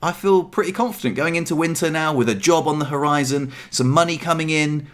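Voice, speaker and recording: A man's voice: fairly high pitch, fairly quick, a bit bright. A young man chatting casually in a self-deprecating, upbeat vlog about his life at home. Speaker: vlogger. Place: apartment.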